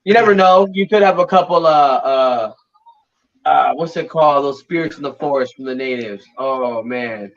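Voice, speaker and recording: A man's voice: mid-range voice, moderate pace, distant mic, highs cut off. A man who fights MMA, guest-hosting a casual podcast chat in an easygoing, agreeable way.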